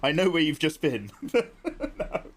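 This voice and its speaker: A man's voice: a little high, sing-song, measured pace. A man livestreaming his digital drawing, rambling and joking as he talks to his chat. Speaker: art livestreamer.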